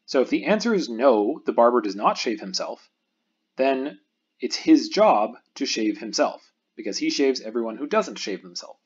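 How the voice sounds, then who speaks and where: A man with a medium-pitched, slightly husky voice patiently teaches a math lecture step by step, pausing so viewers can think. His sing-song intonation rises and falls a lot as he works through each case, and the recording sounds a little dull and lo-fi.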